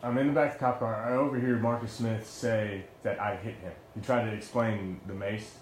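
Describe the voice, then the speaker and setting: A man's voice: fairly low pitch, fairly even intonation, fairly quick, roomy sound, slight background noise. A young man, a former Marine, telling the story of his own arrest in a heated, blunt way, with swearing and many restarts. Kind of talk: heated first-person account.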